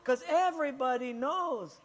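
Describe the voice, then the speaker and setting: A preacher playing a calm, knowing joke character. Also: male voice, very high voice, long reverb tail, voice pushed up. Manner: slow, knowing, unhurried. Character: calm, wise man in a joke.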